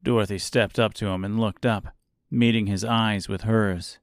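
A man with a fairly low voice narrates an audiobook in a measured, even storytelling style. The recording is clean studio sound with no room noise.

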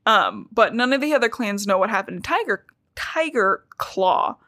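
Bright, chatty woman, casually profane. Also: mid-range voice, expressive, moderate pace, no echo, studio quality. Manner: chatty and irreverent, swears casually, peppered with "like". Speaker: podcast co-host recapping a book. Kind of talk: casual chat.

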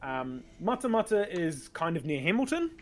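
A man's voice: fairly high pitch, normal speed. Laid-back New man, filler-heavy chat. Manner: relaxed, many "um" fillers, informal. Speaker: podcast host running a game show. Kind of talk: casual chat.

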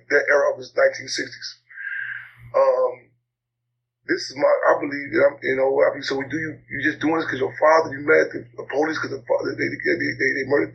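A man being interviewed, talking casually in a halting way, often repeating words and using fillers, his voice a bit worn. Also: fairly high pitch, creaky, sharp tone, breathy edge. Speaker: interview guest, activist. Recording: slightly dull lo-fi audio, faint noise.

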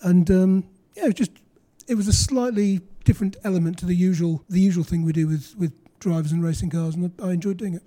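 A man's voice: high voice, fast talker, hardly any pauses, warm tone. A man who writes for a magazine, chatting casually on a panel with a few fillers. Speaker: magazine journalist.

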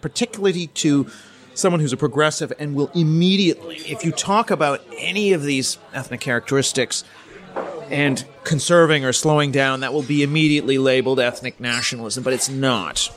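A middle-aged professor of politics from Canada takes interview questions in a mid-range voice with a fairly bright tone. He thinks aloud while explaining in a measured manner, with fillers and restarts along the way.

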